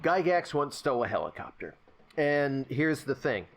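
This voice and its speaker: A man's voice: on the high side, sing-song, normal speed. A man playing in a casual tabletop game, rambling and joking with lots of "you know.". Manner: rambling, jokey, full of fillers. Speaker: player. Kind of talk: casual chat.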